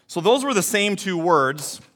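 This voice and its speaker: A man in his thirties, a pastor giving a lively sermon with a personal story and calls for responses from the congregation. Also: sits high, unhurried. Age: 30s.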